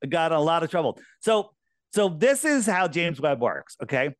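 A man chatting as a podcast guest over a video call, animated and mocking, laughing often. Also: on the high side, moderate pace, no room sound, studio quality. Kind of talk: casual podcast chat.

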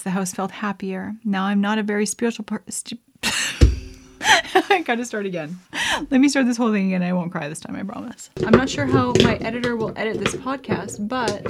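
Chatty woman podcast host, rambling. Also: mid-range voice. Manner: rambling, chatty, laughs often. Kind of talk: casual chat and story reading.

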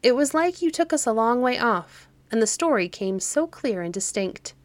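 A woman's voice: big pitch swings, moderate pace, dry recording. A woman doing eager little children. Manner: eager and pleading, pitched higher. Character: eager young children, brother and sister. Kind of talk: storybook reading.

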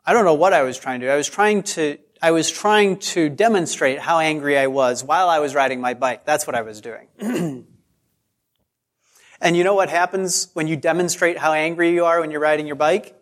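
A man's voice: on the high side, moderate pace. A man preaching a sermon in a conversational way, telling stories on himself and repeating phrases for emphasis. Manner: conversational preaching with self-deprecating asides; repeats phrases for emphasis, draws out key words. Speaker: pastor.

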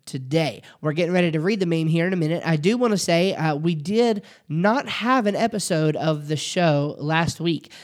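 A man's voice: a little high, moderate pace, hardly any pauses. A man hosting a podcast lesson, talking it through with many fillers and restarts. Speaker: podcast host.

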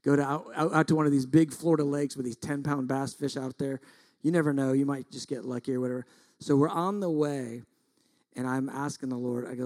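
A middle-aged male pastor preaching, telling a story with lively acted-out quotes. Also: mid-range voice, normal speed. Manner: animated storytelling, acts out quotes loudly. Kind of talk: sermon.

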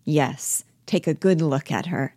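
A woman reading the part of a fussy, patronizing husband in a low, dry voice, lecturing and pleased with himself. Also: unhurried, warm tone, no echo. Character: self-satisfied husband, a man, fussy and patronizing. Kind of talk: reading a play aloud.

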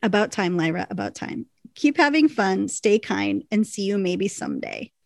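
A woman's voice: medium pitch, wildly swooping pitch, moderate pace, gravelly, no echo, clean studio sound. A British woman co-hosting a casual podcast, reading listener emails aloud and laughing often. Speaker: podcast co-host.

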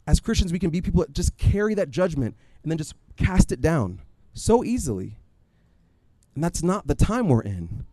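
A man preaching a sermon in a conversational, animated storytelling way, often acting out his own asides. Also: on the high side, brisk, dry recording. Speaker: pastor.

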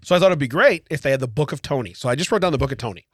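Animated laughing male podcast co-host. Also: medium pitch, racing, husky, dry recording, studio quality. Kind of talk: casual chat. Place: podcast studio.

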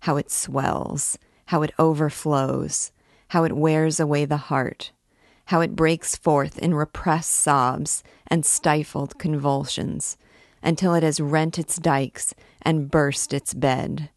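A woman reading a classic novel aloud with steady, expressive delivery. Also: low-pitched, slow pace, dry recording, studio quality. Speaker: reader.

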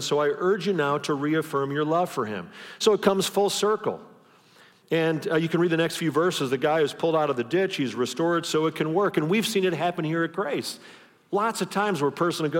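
A man preaches to his congregation in a relaxed, conversational way, circling back and restarting his phrases. His voice sits a little high for a man. The sound carries the long reverb of a church auditorium. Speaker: pastor. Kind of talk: sermon.

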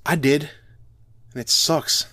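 A man putting on Drogon, a sullen dwarf bard in a rough made-up brogue. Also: a little high, steady tone, slow, sharp tone, no echo, pitched above the performer's own voice, exaggerated voice. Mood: wounded, defiant. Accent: mock brogue he calls Dwarven. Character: sullen male dwarf bard, proud and loyal.

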